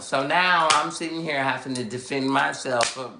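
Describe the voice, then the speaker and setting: A young man vlogging, telling a personal story in a sassy, animated, dramatic way. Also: mid-range voice, normal speed, creaky. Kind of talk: casual storytelling. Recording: echoey room, faint background noise.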